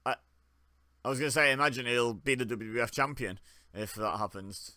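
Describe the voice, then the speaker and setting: A man's voice: mid-range voice, fairly quick, sharp tone, no echo, clean studio sound. A young man giving wry, joking commentary while watching along, often laughing. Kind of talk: casual live commentary.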